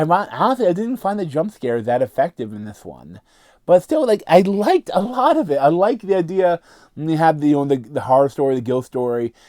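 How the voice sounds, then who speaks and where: A man's voice: medium pitch, dark tone, dry recording, clean studio sound. Rambling man reviewing a movie. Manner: rambling, heavy filler words, frequent restarts. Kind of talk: casual spoken review.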